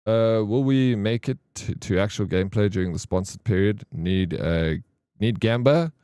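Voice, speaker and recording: A man's voice: fairly low pitch, moderate pace, dark tone, smooth, no room sound, clean studio sound. A man streaming a game, chatting loosely and full of fillers as he plays. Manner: rambling, loose, filler-heavy. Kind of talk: casual gaming commentary.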